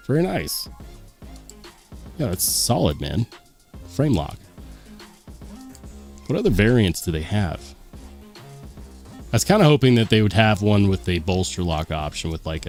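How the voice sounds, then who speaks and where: A man hosting a casual livestream, reading viewer comments aloud and chatting as he goes. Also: lowish voice. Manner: lively, chatty, muses aloud. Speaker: host.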